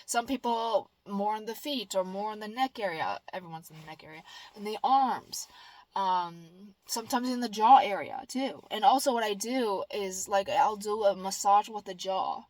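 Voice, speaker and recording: A woman's voice: medium pitch, moderate pace, a little mellow. A woman vlogger in casual chat, rambling and earnest, with lots of fillers and restarts. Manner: upbeat and earnest.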